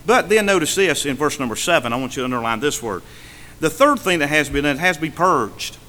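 A male pastor preaching a sermon from the pulpit, swinging between emphatic and hushed delivery. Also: fairly high pitch, expressive, quick pace, long reverb tail. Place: church sanctuary.

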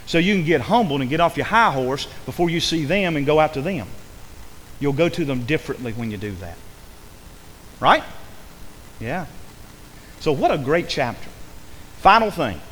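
A preacher man delivering an impassioned sermon, his voice sitting a bit high and swinging widely as he climbs to near-shouts on the words that matter. He slips into the voice of a doubting churchgoer now and then. The sound carries a long reverb from a church sanctuary, with a faint hiss underneath. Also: animated, normal speed. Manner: acts out a doubting listener's voice in quotes. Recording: long hall reverb, faint background noise.

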